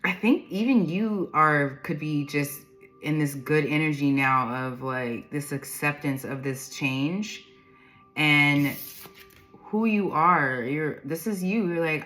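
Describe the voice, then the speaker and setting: Brief: deep-voiced woman, tarot reader, chatty and rambling, laughs a lot, soft music underneath. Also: slow pace. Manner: rambling, laughs often, reads card meanings aloud. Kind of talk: intuitive tarot reading.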